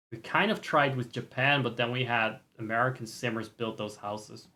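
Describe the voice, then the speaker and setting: Male streamer, mid-pitched, opinionated live reaction rant, curses, mimics voices. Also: steady tone, normal speed, hardly any pauses, bright, forceful tone. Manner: opinionated, ranting, swears, mocks voices.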